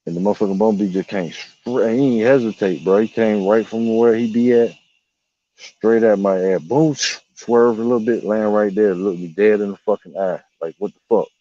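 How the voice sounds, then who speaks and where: A man's voice: lowish voice, moderate pace, warm tone, dry recording, lo-fi sound. A man vlogging outdoors in the woods, telling rambling, profane stories and putting on voices for animals. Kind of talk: casual storytelling vlog.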